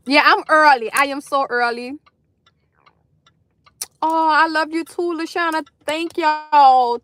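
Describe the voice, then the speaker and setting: A woman talks to her live viewers from a parked car, her voice pitched high and the sound close and dry with no room echo. She is warm and effusive, calling out viewers by name as they join and thanking them over and over. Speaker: livestream host. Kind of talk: casual live chat with viewers. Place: parked car in a school carpool line.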